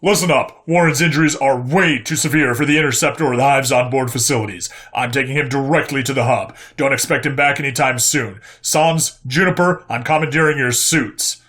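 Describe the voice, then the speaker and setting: A man voicing a gruff, bossy emergency AI that talks like a drill sergeant. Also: mid-range voice, a little fast, few pauses, fairly bright tone, close to an everyday voice. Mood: commanding. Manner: barking, bossy and crude.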